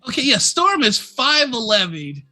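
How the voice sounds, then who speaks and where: Fired-up ranting co-host with faint music. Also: mid-range voice. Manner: fast, animated ranting with swearing and stammered restarts. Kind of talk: casual live-stream chat. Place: at home, neighbors heard outside.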